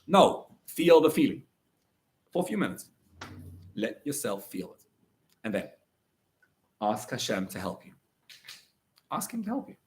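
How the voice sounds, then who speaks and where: A man gives an animated talk to high school students as a rabbi. His pitch swings widely as he acts out little scenes and quotes. He keeps it casual and conversational, never stiff. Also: measured pace, long pauses. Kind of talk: lively motivational talk.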